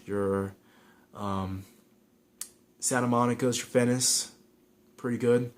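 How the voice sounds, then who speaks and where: A man with a Southern California accent giving frank, rambling advice in a casual vlog, with many restarts and fillers. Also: medium pitch.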